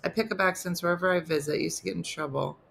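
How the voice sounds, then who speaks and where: Bright-voiced New Jersey woman teasing viewers. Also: on the low side, steady tone, racing, gravelly, a little hiss or hum. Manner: playful teasing, mock-disgusted reactions. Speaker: comedy morning show host. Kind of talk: casual livestream chat reading viewer comments.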